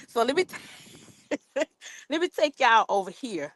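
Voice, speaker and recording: A woman's voice: fairly high pitch, big pitch swings, measured pace, long pauses. A woman hosting a gardening live stream outdoors in her backyard, chatting casually and reading viewer comments aloud. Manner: chatty, reads viewer comments aloud, informal dialect with y'all. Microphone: phone camera on a tripod.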